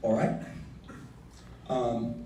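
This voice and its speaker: A man teaching a livestreamed literature lesson, animated and reading verse slowly and dramatically. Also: medium pitch, slight background noise. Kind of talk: livestreamed lecture. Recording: roomy, from far off the mic.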